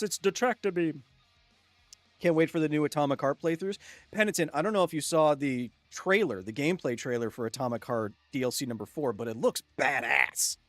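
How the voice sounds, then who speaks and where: A man's voice: medium pitch, fairly bright tone, no room sound. Guy live streaming a game, jokey and chatty, reads chat, laughs a lot, dry mic. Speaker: gaming livestream host.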